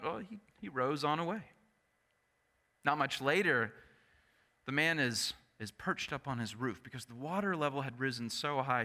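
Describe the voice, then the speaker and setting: A male pastor preaching a sermon in an animated storytelling manner, often turning to the congregation with asides. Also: on the high side. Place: church sanctuary. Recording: echoey church sanctuary.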